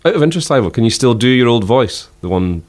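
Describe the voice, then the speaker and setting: A man's voice: medium pitch, expressive, quick pace. A man interviewing a guest in a mock-earnest comic radio show, asking earnest, leading questions.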